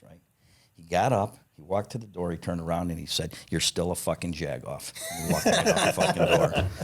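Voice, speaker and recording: Man, 50s, very low voice, salty raconteur who chuckles as he tells stories. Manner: profane, blunt, acts out quoted dialogue; chuckles between lines. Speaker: podcast guest, parts company founder. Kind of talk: casual anecdotal storytelling.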